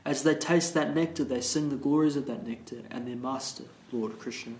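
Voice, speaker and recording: A man leading a morning class, reading scripture aloud slowly and carefully and explaining it, restarting some verse words. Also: mid-range voice, darkish tone. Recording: roomy echo.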